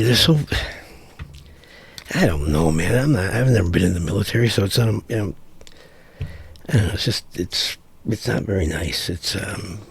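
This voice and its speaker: A man's voice: deep voice, creaky, slightly rough, dry recording. A middle-aged man giving a profane, exasperated vlog rant, rambling with frequent restarts. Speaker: vlogger. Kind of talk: ranting commentary vlog.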